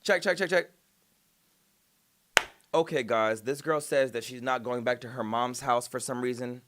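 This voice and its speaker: A man livestreaming, telling a story in a rapid, emphatic way, swearing often and trailing off with filler sounds. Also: medium pitch, fairly even intonation, a bit bright. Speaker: streamer. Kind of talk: casual livestream storytelling and reacting.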